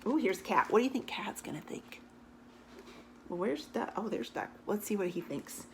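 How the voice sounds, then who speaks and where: A woman teacher reads a picture book aloud to her class, pausing to quiz the children about what they see and think. Her voice sits at an ordinary middle pitch but moves lively up and down with a gravelly edge. She keeps the lesson animated with lots of questions. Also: slight background noise.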